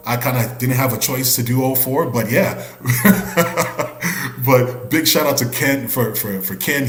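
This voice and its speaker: A man hosting a church men's ministry live stream, animated and chatty, with many restarts and shout-outs. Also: medium pitch, roomy sound. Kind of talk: upbeat casual hosting.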